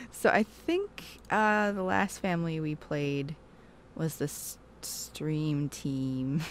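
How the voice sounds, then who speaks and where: A woman's voice: low voice, slow pace, a little hiss or hum. A woman hosting a casual game livestream, chatting with viewers, giggling often and telling jokes. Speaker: streamer host.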